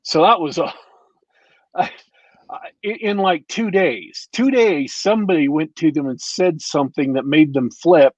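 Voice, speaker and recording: A man's voice: a little high, a little slow, no room sound, muffled recording. A man co-hosting a casual podcast chat, easygoing and musing as he talks. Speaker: podcast co-host.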